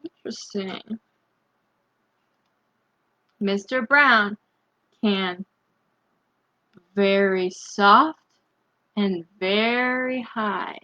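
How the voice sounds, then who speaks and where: A woman reading a picture book aloud as a bedtime story, gently asking young listeners questions between the pages. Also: medium pitch, very slow, long pauses, lo-fi sound. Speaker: storybook reader.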